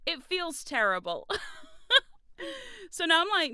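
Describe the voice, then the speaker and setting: Bright, excitable young woman streamer. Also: sits high, measured pace, long pauses, smooth, no room sound. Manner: excitable, swears freely, bursts into laughter. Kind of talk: casual livestream chat.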